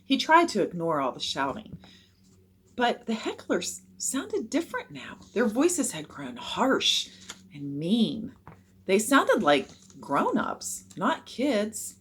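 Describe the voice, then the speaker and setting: A woman reading a children's chapter book aloud with expressive narration. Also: mid-range voice, slow, slight background noise.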